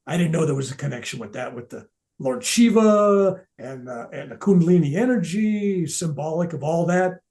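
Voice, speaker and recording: An older man telling his spiritual experiences in a loose, animated way, often restarting his sentences and dropping his voice to a near-whisper for emphasis. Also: on the high side, moderate pace. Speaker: speaker at a veterans event. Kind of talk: spoken personal storytelling.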